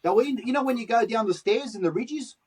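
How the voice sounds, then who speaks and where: Husky-voiced Australian man, high pitch. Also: fast talker. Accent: Australian, Sydney. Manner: swears freely, animated anecdotes in street slang. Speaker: guest, graffiti artist. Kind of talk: casual storytelling interview.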